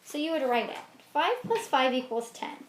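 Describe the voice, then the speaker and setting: A woman teacher reading a children's book aloud in an expressive way, then explaining class activities. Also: high voice, normal speed. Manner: expressive storybook reading with lively swings. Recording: roomy echo with faint noise.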